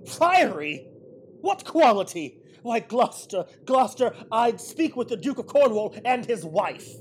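An aged, proud king , played by a man, pours out rage and grief in an audio drama, his voice swinging wildly between bellows and broken murmurs. He takes his words slowly and heavily. A faint hiss sits under the recording. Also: very high-pitched, very animated, heavily acted, low-quality recording. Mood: furious. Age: older.

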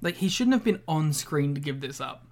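A man co-hosts a casual podcast chat, talking bluntly and with plenty of swearing. He argues his points by acting out little scenarios, speeding up and slowing down as he goes. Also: on the high side, lively intonation. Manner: blunt, profane, acts out scenarios. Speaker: podcast co-host.

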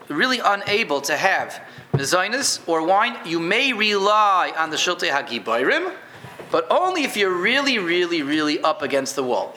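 Man, high-pitched, rabbi giving a chatty live class, stumbles and checks the room understands. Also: sharp tone, a little hiss or hum. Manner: conversational, repeats words, quizzes listeners. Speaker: rabbi teaching Jewish law. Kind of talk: informal halacha class.

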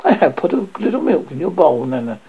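A man's voice: on the high side, very animated, brisk, slightly rough, narrow, tinny audio, exaggerated voice. A man voicing a pompous, proud father who blusters and sulks in a storybook reading. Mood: blustering. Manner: blustering, huffy.

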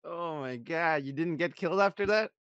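A man's voice: a little high, normal speed, fairly bright tone, clear, resonant tone, no echo, lo-fi sound. A man co-hosting a podcast in casual banter, laughing a lot and giving short replies. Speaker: podcast co-host.

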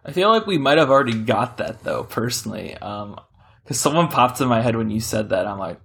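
A man hosting a casual podcast chat, rambling and correcting himself as he talks with animated shifts. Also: mid-range voice, brisk, gravelly, slightly rough. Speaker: podcast host.

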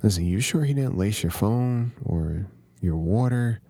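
Guy playing a wisecracking skeptical friend, joking around, deep dark voice. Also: animated, a little slow, no room sound. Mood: teasing. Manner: joking, doubtful.

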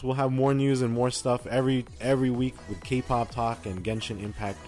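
A man's voice: medium pitch, normal speed, hardly any pauses, a little mellow. A man co-hosting a casual podcast, rambling with hesitations and frequent laughs. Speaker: podcast co-host. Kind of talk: casual chat.

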